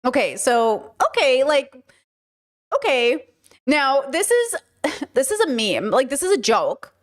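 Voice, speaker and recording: A woman hosting her own podcast, talking through clips in a loose, frank way. Her pitch moves around a great deal and sits slightly high. She swears now and then and says "like" constantly. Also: sing-song, slow. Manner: chatty, frank, swears, frequent "like" and "okay". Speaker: podcast host reacting to clips. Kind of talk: casual commentary.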